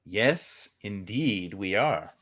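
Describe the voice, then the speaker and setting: A man's voice: fairly low pitch, animated, drawn-out words, a bit bright. A man co-hosting a film review podcast over a video call, rambling with many fillers. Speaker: podcast co-host. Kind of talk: casual film review chat.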